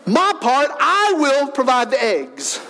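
A man voicing an eager male chicken pitching a business deal. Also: huge pitch swings, takes it slowly, pushed and bright, heavily acted, rough recording. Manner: upbeat, salesman-like.

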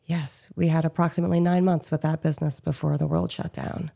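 Low-voiced chatty woman business owner. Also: fairly even intonation, fairly quick, creaky, dark tone. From Chester County, Pennsylvania. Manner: chatty, frequent "um" and "you know". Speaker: small business owner, interview guest. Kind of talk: casual interview answers.

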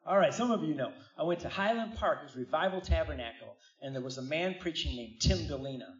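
A middle-aged man preaching a sermon, telling a personal story with lively asides to the congregation. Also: a little high, quick pace. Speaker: pastor. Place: church hall. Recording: roomy, distant, dull church recording.

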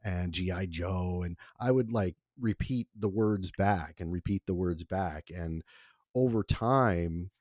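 Forties man, first language Italian; very low, mellow voice; rambling, self-deprecating storyteller. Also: slow pace, dry recording, clean studio sound. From Italy. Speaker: former college radio producer. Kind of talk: relaxed interview conversation.

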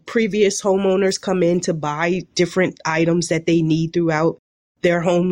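A woman's voice: low voice, no echo, clean studio sound. A woman working as a donations coordinator, speaking eagerly on a podcast. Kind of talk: podcast conversation.

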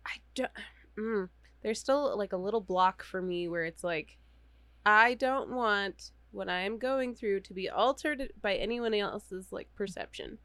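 A woman's voice: medium pitch, unhurried, fairly bright tone, no room sound. A woman co-hosting a podcast in casual chat, wry and playful, laughing often. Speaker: podcast co-host.

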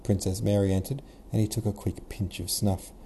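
A man narrates a novel in a relaxed, modern way, now and then correcting himself. His voice is low and mellow with a dark tone. A faint ambience hum sits in the background. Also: normal speed. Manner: casual modern retelling, occasional self-corrections. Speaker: podcast host and audiobook reader. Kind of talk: scripted narration.

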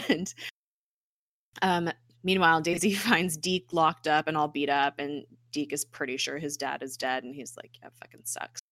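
A woman recapping a TV episode in casual chat, animated, acting out characters' lines, laughing and swearing as she goes. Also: sits low, unhurried, no echo, clean studio sound. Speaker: podcast co-host recapping a TV episode.

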